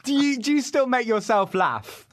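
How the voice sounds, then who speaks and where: A man's voice: extremely high pitch, animated, normal speed, dry recording, studio quality. A man co-hosting a podcast with laddish banter, often saying "mate". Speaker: podcast co-host. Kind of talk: casual podcast chat.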